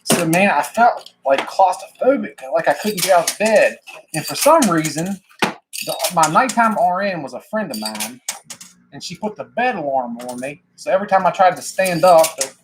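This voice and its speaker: A man's voice: high voice, very animated, moderate pace, noisy background. A man hosting a live stream, a little out of breath, chatting casually with viewers, greeting them by name and laughing often.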